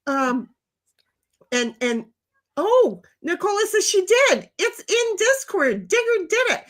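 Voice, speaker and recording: A woman's voice: very high-pitched, very animated, slow pace, a bit bright. An older woman hosting a casual livestream chat, reading out comments and rambling bluntly with some profanity.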